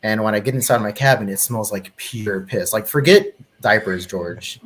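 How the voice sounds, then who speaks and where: A man's voice: fairly low pitch, moderate pace. A man telling a story in casual podcast chat, swearing freely and acting out what people said. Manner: animated profane storyteller, acts out quotes. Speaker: panelist.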